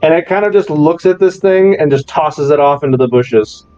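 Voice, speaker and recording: A man's voice: on the high side, moderate pace, mellow, clean tone, dry recording, faint music behind. A man narrating as dungeon master, laid back and chuckling between scenes. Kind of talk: narrating a tabletop game. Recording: dull lo-fi mic.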